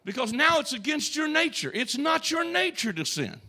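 A male pastor delivering an emphatic call-and-response sermon in a church, swinging from shouts to hushed tones. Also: very high-pitched, sing-song, moderate pace. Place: church sanctuary.

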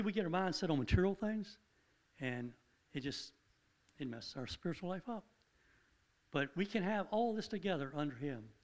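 An earnest man teaches from the Bible in a relaxed, conversational way. His voice sits a little high, and he drives his points home by repeating them with growing emphasis. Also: poor audio.

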